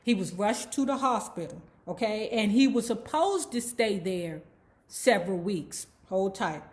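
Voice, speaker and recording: A woman's voice: medium pitch, expressive, a little slow, a little mellow. A woman hosting a casual book recap, telling the story in a chatty, profane way and tagging her lines with "okay?".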